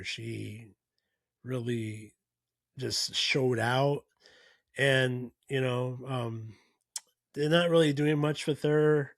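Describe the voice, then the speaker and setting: Gravelly man recapping casually. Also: mid-range voice, no room sound. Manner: rambling, full of fillers and restarts. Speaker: podcast host.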